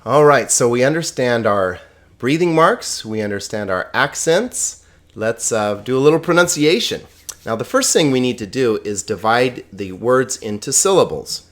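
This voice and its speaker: A man teaching a lesson, speaking slowly and carefully, sounding out words syllable by syllable and checking in with the class. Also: medium pitch, expressive, fairly bright tone. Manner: slow, deliberate, repeats words syllable by syllable; checks in with "okay?" and "right?". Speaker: Greek teacher.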